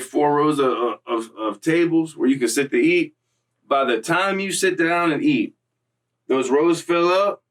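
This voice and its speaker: A young man tells a story casually, in streetwise slang full of profanity and loose asides. His voice sits at a middle pitch. It is picked up from a little away from the mic. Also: a bit bright, recorded from a distance, rough recording.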